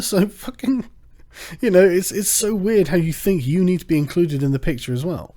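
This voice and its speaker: Dark-voiced man ranting sarcastically. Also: high-pitched, moderate pace. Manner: profane, sarcastic, animated. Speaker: channel host. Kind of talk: casual livestream rant.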